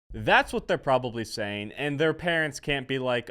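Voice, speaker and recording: Smooth-voiced young man ranting. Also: medium pitch, normal speed, hardly any pauses. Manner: animated, mocking, repeats catchphrases. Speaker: comedy vlog host. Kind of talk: rambling comedic rant.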